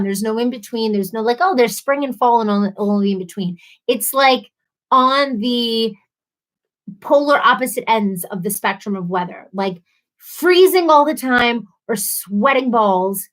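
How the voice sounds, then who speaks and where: A woman's voice: on the high side, animated, normal speed, fairly bright tone, poor audio. A woman hosting a casual livestream, reading viewer comments aloud and chatting in a bubbly, chatty way. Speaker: livestream host.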